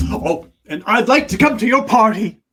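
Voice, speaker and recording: An actor playing a reformed old miser, Scrooge, who stammers, giggles and gets emotional in a comic holiday play. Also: male voice, high-pitched, fairly bright tone, husky, exaggerated voice, low-quality recording.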